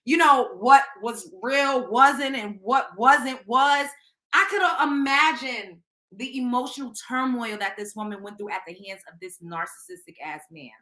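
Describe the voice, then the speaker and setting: Blunt, profane woman host with a high, bright voice. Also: roomy sound, low-quality recording. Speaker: show host. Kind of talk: casual reaction commentary.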